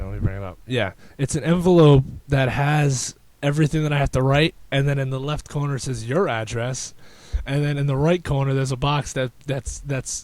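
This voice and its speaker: A young man talks through a casual solo podcast, rambling from one thought to the next with sarcastic asides and frequent stops and restarts. His voice sits at an ordinary middle pitch. The recording is dry and close, with no room sound. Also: no echo. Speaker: podcast host.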